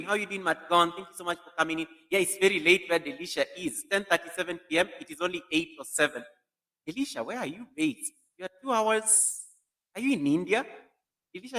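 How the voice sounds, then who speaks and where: A man's voice: sits high, bright, forceful tone. A man hosting a casual live stream, animatedly greeting viewers by name while testing a new computer mic in an echoey room.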